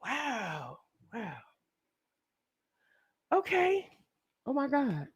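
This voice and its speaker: A woman hosting a casual livestream, talking excitedly to her viewers and calling them honey and baby. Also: a little high, very slow, slightly rough. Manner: excitable, exclaiming and laughing with viewers. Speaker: livestream host.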